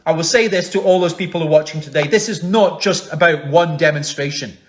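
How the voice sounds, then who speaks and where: A man, a human rights lawyer, giving an angry, forceful protest speech over a video call, building his points through repetition. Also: on the high side, a little fast. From Scotland. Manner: forceful, rhetorical, repetitive emphasis. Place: home, online protest.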